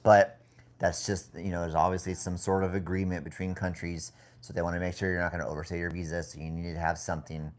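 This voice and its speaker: Super deep voiced guy rambling on a home livestream, lots of ums, laid back. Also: fast. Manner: rambling, relaxed, many fillers and restarts. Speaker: live stream co-host. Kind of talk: casual live stream chat. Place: home indoors with a TV in the background.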